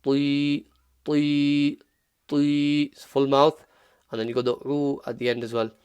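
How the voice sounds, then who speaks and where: A man teaching Quranic pronunciation in a relaxed tutorial, patiently repeating sounds slowly. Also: mid-range voice, clean tone, dry recording. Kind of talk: relaxed tutorial, modelling Arabic phrases slowly.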